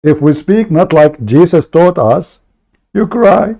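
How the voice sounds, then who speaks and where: Ranting on his livestream, a combative host speaks at a measured pace in a warm voice on the high side. His heated delivery is aggressive, mocking and insulting.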